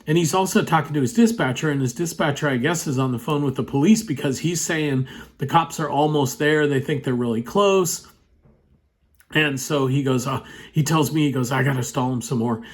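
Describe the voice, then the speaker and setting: A man's voice: a little high, normal speed, husky. A man telling a personal story in a casual, rambling way, full of "you know" fillers, sitting at his computer indoors.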